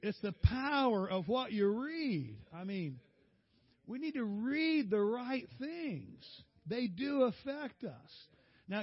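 A male preacher telling personal stories in a folksy, animated sermon. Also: sits high, no echo, muffled recording.

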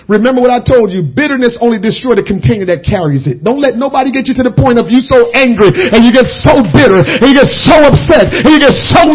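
A pastor preaching a sermon, his voice pitched very high and husky. He swells into shouted lines and leans on a steady "uh" between phrases. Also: rough recording. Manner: preaching with rising shouts and filler "uh"s.

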